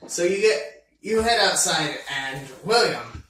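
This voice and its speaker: A man's voice: high voice, animated, a little slow, fairly bright tone. A man narrating as game master of a tabletop game, rambling and laughing with lots of fillers. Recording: roomy, distant mic with faint noise.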